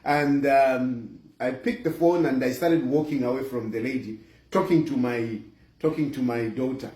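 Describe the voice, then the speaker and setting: A middle-aged Zambian man with a Zambian accent telling a comic personal story, animated and chuckling, with lots of fillers. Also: medium pitch, moderate pace. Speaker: vlogger. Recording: roomy echo.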